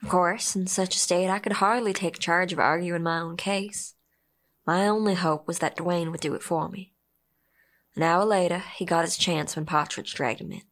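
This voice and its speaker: A woman's voice: lowish voice, steady tone, normal speed, fairly bright tone. A young woman telling her own story as first-person narrator in an audio drama, earnest and emotional. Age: young adult. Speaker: narrator and protagonist.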